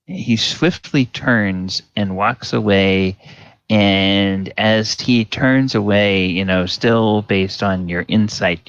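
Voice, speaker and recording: A man narrating as game master, unhurried and full of fillers. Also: fairly low pitch, a bit bright, clear, resonant tone, dry recording. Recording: dull lo-fi sound.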